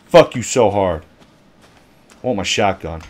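A man's voice: fairly low pitch, animated, a little slow. A man commenting on his own horror game play, cursing angrily and talking back at the game. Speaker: gaming video host. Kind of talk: profane let's-play commentary.

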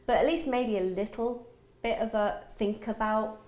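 A woman guest with a slightly high voice, talking through her thoughts in a casual chat. She sounds earnest and reflective, and the recording has a roomy, echoey sound. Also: fairly even intonation, normal speed, a little mellow. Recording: roomy echo.

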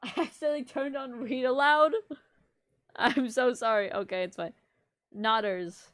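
A woman's voice: on the high side, fairly even intonation, a little slow, pauses often, fairly bright tone, no echo. A woman streaming live, chatting casually with her viewers and teasing them in a playful, mock-offended way. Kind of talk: casual livestream chat with viewers.

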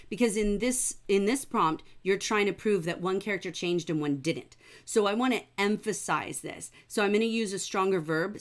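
A middle-aged woman teaching a livestreamed writing class from her home computer, warm and enthusiastic as she praises her students' work. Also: medium pitch.

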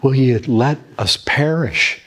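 A man's voice: mid-range voice, takes it slowly, a bit bright, husky. A man preaching an urgent, pleading sermon, often appealing to his listeners as brethren. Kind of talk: fervent sermon.

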